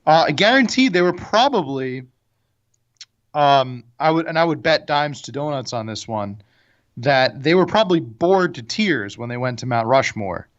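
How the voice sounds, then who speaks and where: Co-hosting a casual debate podcast, this opinionated man often starts his sentences over. He sounds animated at medium pitch and normal speed, on dull, lo-fi audio.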